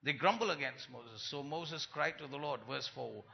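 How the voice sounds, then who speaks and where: A man preaches with lively, swelling emphasis, his slightly high voice carrying a gravelly fry. He acts out the complaints he quotes. The sound is a little muffled and rings with a long hall reverb. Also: moderate pace, few pauses. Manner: animated, rising to loud emphasis and acting out quoted complaints. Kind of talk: sermon.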